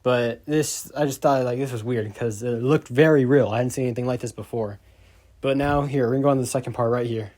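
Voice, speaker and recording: Brief: male YouTuber, mid-pitched voice, loose rambling storytime delivery, exasperated and profane. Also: fairly even intonation, fairly quick, darkish tone. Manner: rambling, exasperated, swears freely. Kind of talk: casual storytime rant.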